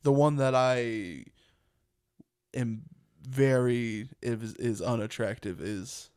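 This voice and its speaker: A man's voice: medium pitch, slow pace, a little mellow, smooth. A young man co-hosting a casual podcast, talking in a rambling, chatty way and laughing often. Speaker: podcast co-host.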